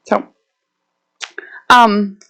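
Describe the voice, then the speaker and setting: A woman herbalist speaks very slowly, her tone fairly bright, as she walks around an indoor meeting room giving a chatty, casual talk to a live audience. Storytelling and frequent laughter fill her talk, captured in a rough recording.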